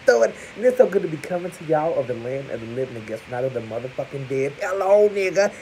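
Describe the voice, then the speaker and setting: A man in character as a security guard, delivering a sassy, gossipy comedic rant to camera with loud exclamations. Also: medium pitch, fast talker, a little hiss or hum, low-quality recording.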